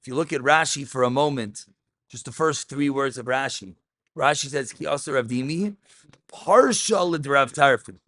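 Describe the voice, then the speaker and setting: A man teaching a Talmud class, animated, mixing English with Aramaic terms and raising his voice for emphasis. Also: mid-range voice, normal speed, no room sound.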